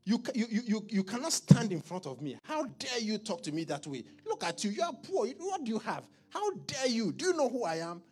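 A man voicing an arrogant rich man who sneers at the poor, shouting and sputtering over his own words. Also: very animated, brisk, hardly any pauses, slightly rough, full character voice. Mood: scornful. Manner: shrill, shouting, sputtering and repeating himself.

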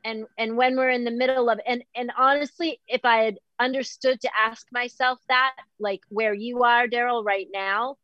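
A middle-aged woman from Boston, a guest talking candidly in an animated, self-deprecating way and often quoting herself. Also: on the high side, moderate pace, hardly any pauses, no room sound, highs cut off. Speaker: podcast guest. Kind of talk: candid conversational chat.

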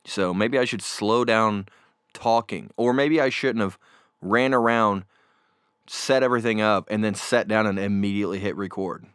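A man hosting a casual chat show, telling stories in a rambling, animated way with many fillers, close on a desk microphone. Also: lowish voice, normal speed, smooth, dry recording. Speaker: podcast host. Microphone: new desk microphone.

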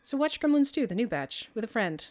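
A woman co-hosting a casual podcast chat, retelling scenes in a lively, animated way. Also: fairly high pitch, a little fast. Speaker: podcast co-host.

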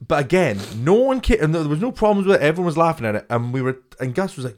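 A man's voice: on the high side, sing-song, fast talker, hardly any pauses. A young man, a comedian co-hosting a podcast, telling sweary stories in casual chat and laughing often.

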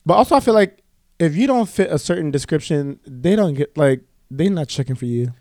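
Blunt, higher-voiced man. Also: animated, brisk, darkish tone, no echo, clean studio sound. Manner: blunt, outspoken. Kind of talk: casual chat.

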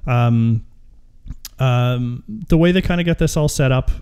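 A man's voice: mid-range voice, a little slow, a little mellow, smooth. A man co-hosting a movie podcast, talking casually with lots of fillers and restarts. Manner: rambling, filler-heavy. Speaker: podcast co-host. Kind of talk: casual chat.

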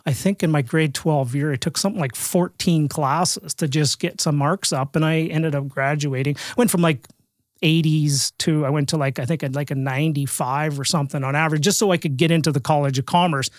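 A man's voice: fairly high pitch, fairly even intonation, fairly quick, no echo, studio quality. A middle-aged Canadian man, a podcast guest, telling a personal story in a chatty way, repeating words and restarting often. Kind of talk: storytelling in a casual interview.

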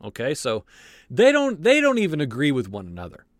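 A fairly high-pitched man talks fairly quickly as he reads scripture and comments on it in an informal Bible study. Animated and prone to fillers and restarts, he sprinkles in asides. The audio is studio quality with no echo.

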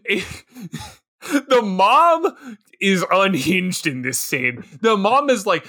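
Lively high-voiced man joking around. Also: slow pace. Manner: animated, laughing, jumps into mocking voices. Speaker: podcast co-host. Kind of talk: casual movie recap chat.

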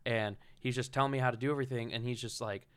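Male guest, mid-pitched and smooth, halting storyteller with many restarts. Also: steady tone, a bit bright. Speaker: guest musician and stage manager. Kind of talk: casual chat.

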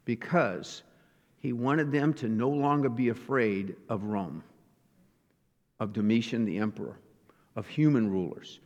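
A man's voice: mid-range voice, unhurried, long pauses, a little mellow, lo-fi sound. A man preaching a sermon, teaching earnestly and asking rhetorical questions. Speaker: pastor. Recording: reverberant hall.

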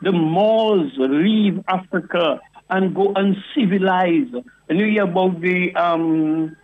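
A man calls in to a radio show, pressing his point with fervor and returning to the host's name again and again. His voice sits a little high, and it comes through a thin, narrow telephone line. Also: takes it slowly. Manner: impassioned, repetitive, keeps addressing the host by name. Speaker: caller. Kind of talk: call-in radio rant. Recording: phone-line caller audio.

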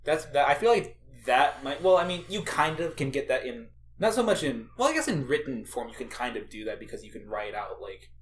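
A man's voice: mid-range voice, big pitch swings, a little fast, few pauses, a little hiss or hum. A man in a casual discussion who agrees often and talks hesitantly, restarting his sentences.

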